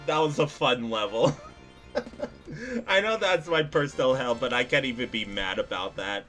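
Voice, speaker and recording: Excitable young man streaming a game. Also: mid-range voice, moderate pace, soft background music. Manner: excitable, laughs and yelps often. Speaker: gaming streamer. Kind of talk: live gameplay commentary.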